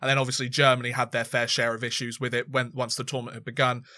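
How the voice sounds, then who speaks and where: A man's voice: medium pitch, level tone, fast, sharp tone, dry recording. A man co-hosting a sports podcast, chatting casually and rambling, with frequent restarts and fillers. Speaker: podcast co-host.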